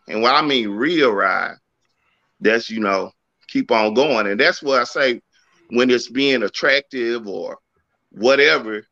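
A man on a talk show panel, telling family stories in a relaxed, conversational way. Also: medium pitch. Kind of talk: casual panel discussion. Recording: dull, lo-fi mic sound.

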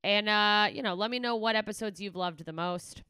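A woman's voice: medium pitch, moderate pace, bright, forceful tone, clear, resonant tone, no echo, studio quality. A woman comedian signing off her podcast in a candid, rambling way, swearing freely as she chats. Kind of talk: casual podcast sign-off chat.

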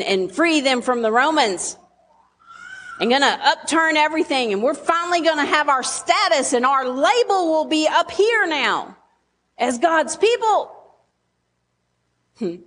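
A woman's voice: high voice, animated, measured pace, fairly bright tone. A woman pastor, preaching a sermon in a conversational way and teasing her congregation with asides.

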